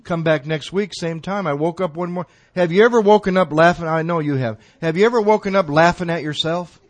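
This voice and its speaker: A middle-aged man with a slightly higher voice speaks to an audience at a recovery gathering. He tells his story in loose, colloquial language and pokes fun at himself as he goes. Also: a little fast. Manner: colloquial, self-mocking, animated storytelling.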